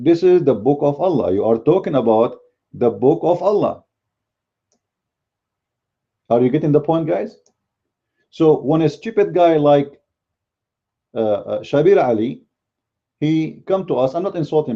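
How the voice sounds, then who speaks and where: A man with a very deep, mellow voice whose first language is Arabic, arguing in a blunt and combative way. He delivers casual commentary on a dull, lo-fi recording. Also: animated, a little slow, long pauses. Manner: blunt and combative, speaks bluntly by his own account. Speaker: Christian apologetics commentator.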